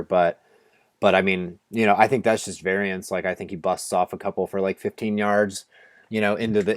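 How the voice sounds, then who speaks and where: On a home video call, a man co-hosting a fantasy football draft stream rambles casually, keeps restarting his sentences, and says "like" constantly. His voice is fairly low with a darkish tone, captured dry with clean studio sound.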